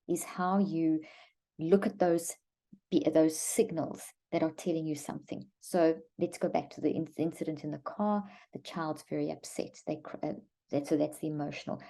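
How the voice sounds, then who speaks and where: A woman guest in an interview explaining steps for calming children, often restarting her sentences and acting out gentle lines she would say to a child. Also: deep voice. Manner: animated, acts out gentle lines spoken to a child; frequent restarts and repeated words. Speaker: guest expert on mental health.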